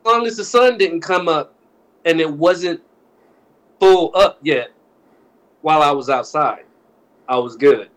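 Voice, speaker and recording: A man's voice: a little high, a little slow, pauses often. A man co-hosting a podcast, telling casual stories, stammering and restarting, acting out what friends said. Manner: animated, laughing, acts out quoted friends. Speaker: podcast co-host. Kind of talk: casual storytelling chat.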